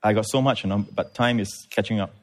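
A man's voice: lowish voice, fairly even intonation, quick pace. A middle-aged man, a pastor preaching a sermon. He calls on the congregation for amens and often repeats his words.

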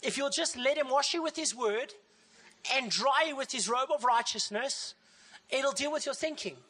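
A woman pastor preaching a sermon in a lively way, often acting out the voices of the people she quotes. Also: sits high, normal speed.

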